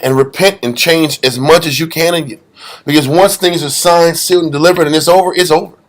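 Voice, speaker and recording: A man's voice: a little high, fairly even intonation, fairly quick. A man leading a group scripture study, preaching in a blunt, emphatic way with street slang. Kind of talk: informal Bible study sermon.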